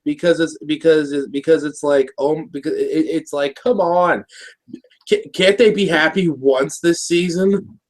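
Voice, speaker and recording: A man's voice: on the high side, fairly even intonation, measured pace. A man co-hosting a casual review show, recapping an episode in a rambling way with lots of restarts and laughs. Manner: rambling, many restarts, laughs while talking. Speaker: show co-host.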